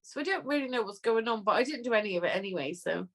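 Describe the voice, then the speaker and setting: A woman with a Southwest English accent co-hosting a casual chat, teasing and quick to laugh. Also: on the high side, lively intonation, a crowd in the background. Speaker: co-host.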